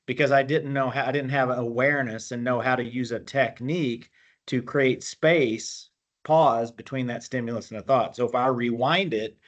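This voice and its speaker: A man's voice: medium pitch, steady tone, moderate pace, fairly bright tone, lo-fi sound. A man speaking as a guest, explaining mental skills in a plainspoken way with military terms. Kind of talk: motivational talk on a call.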